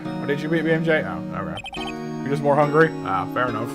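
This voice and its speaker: A man's voice: on the high side, very animated, quick pace, over music. Upbeat male streamer greeting chat. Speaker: game streamer. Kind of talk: casual live-stream chat.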